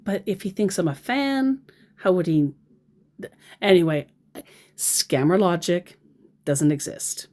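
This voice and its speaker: A woman's voice: fairly low pitch, animated, slow, pauses often, a little mellow. A woman in casual commentary on scam chats, sarcastic and laughing often. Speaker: scambaiter vlogger.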